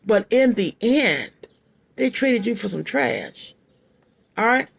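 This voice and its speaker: A tarot card reader in her late fifties gives her viewers a casual reading, her voice on the high side, animated and slow, with vocal fry and a breathy edge. She's blunt and emphatic, repeats her phrases, and uses slangy, folksy language.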